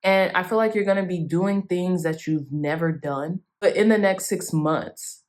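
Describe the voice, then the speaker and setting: A woman's voice: fairly low pitch, measured pace. Effusive woman giving a tarot reading. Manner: warm, effusive, chatty. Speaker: tarot reader. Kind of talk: casual tarot reading to viewers.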